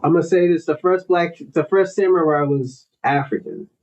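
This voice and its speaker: High-voiced blunt lecturing man. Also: moderate pace, a little mellow. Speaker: host. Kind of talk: casual opinionated talk. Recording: dull lo-fi audio.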